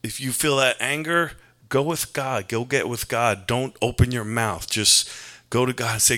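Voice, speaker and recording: Bright-voiced New preacher man. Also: mid-range voice, moderate pace. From New York. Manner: earnest, conversational preaching with personal confession. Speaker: pastor. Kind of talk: sermon.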